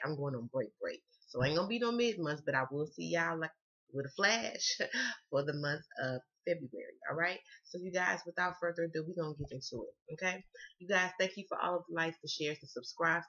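A woman's voice: sits low, a bit bright, muffled recording. A woman from the American South with a Southern accent, reading tarot in a chatty, slangy way and swearing freely. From Southern United States. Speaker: tarot card reader. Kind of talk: casual tarot reading to camera.

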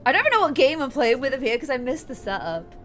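A woman's voice: sits high, sing-song, quick pace, a bit bright, faint music behind. A young woman giggling and thinking aloud as she plays a story game, thanking her viewers along the way. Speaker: gaming streamer. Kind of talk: let's play commentary.

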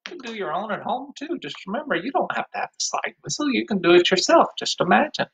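Cheerful male music teacher, lively voice. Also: sits high, fast talker, gravelly, poor audio. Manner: cheerful, sings along with ukulele. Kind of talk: online music class for young children.

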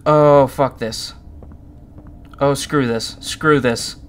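A man's voice: mid-range voice, fairly even intonation, extremely slow, slight background noise. Jumpy, swearing man playing a horror game. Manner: jumpy, swears a lot, panicky muttering. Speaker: gaming YouTuber. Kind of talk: horror game let's play commentary.

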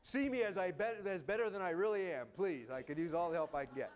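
Man, pastor, sermon story, fairly high voice, casual restarts, goes quiet and soft. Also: fast. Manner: conversational, many restarts, drops to a hushed voice for emotional moments.

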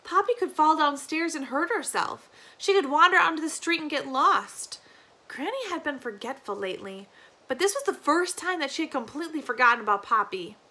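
A woman teacher reads a novel aloud, chapter by chapter. Her voice is bright and sits a touch high. She keeps a steady pace and corrects small slips as she goes. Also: a little fast.

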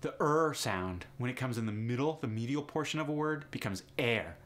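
A man's voice: medium pitch, animated, normal speed, slight background noise. A man teaching an accent lesson step by step, upbeat and explanatory, saying example words to show each sound. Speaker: accent coach.

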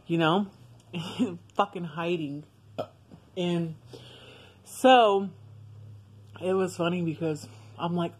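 A young woman talks straight to her viewers in a casual storytime vlog, blunt and full of swearing. Her voice sits a little low, and she breaks into laughter often as she goes. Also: moderate pace, a little mellow, breathy edge. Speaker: vlogger.

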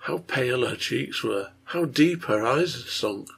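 A man reading his own translation of a Victorian novel aloud, in measured storytelling. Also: mid-range voice, animated, creaky, fairly bright tone, a little hiss or hum. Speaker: reader, translator.

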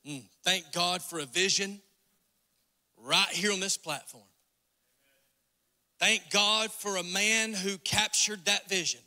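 A male pastor with a north Georgia Southern accent, preaching in a folksy, joking way. His voice sits very high and sounds sharp and bright. The sermon is recorded with a long reverb from the church hall. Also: fairly even intonation, slow, pauses often. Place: church sanctuary.

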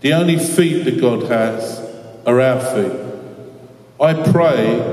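An earnest man from London, England speaks at mid pitch with a darkish tone, giving an inspirational, storytelling talk with a joking edge to a school assembly. The mic picks him up from a distance, and the large hall's long reverb makes the sound echoey, roomy and diffuse.

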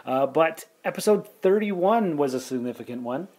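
A man's voice: fairly high pitch, expressive, moderate pace, a little mellow. A man hosting his own podcast, chatting casually and jokily with two co-hosts, rambling with playful jumps in his voice. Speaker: podcast host. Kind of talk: casual chat.

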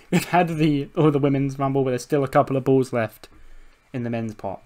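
A man narrates a game with casual, fast storytelling. He swears freely and laughs along. His voice sits at a middling pitch. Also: a little mellow. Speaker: gaming channel host. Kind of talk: casual let's-play narration.

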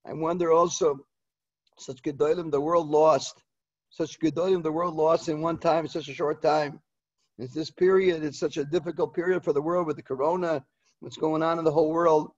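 Halting older rabbi giving a eulogy. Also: male voice, fairly high pitch, steady tone, dry recording, highs cut off. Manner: halting, repeats words, mixes in Hebrew and Yiddish terms. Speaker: rosh yeshiva giving a eulogy. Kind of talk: eulogy sermon.

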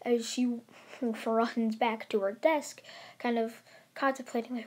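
A woman's voice: a little high, measured pace, darkish tone, breathy edge. A woman casually narrating a fan-made story, rambling with fillers and restarts.

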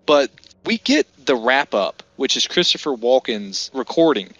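A man's voice: medium pitch, big pitch swings, measured pace, fairly bright tone, no echo, dull audio. A man co-hosting a casual beer-and-movie podcast, retelling scenes and acting out the lines. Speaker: podcast co-host.

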